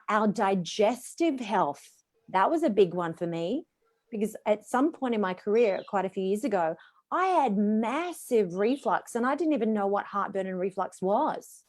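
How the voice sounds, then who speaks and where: Expressive Australian woman voice coach. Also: medium pitch. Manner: expressive, demonstrates voices while teaching. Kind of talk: guest speaking on a live video call.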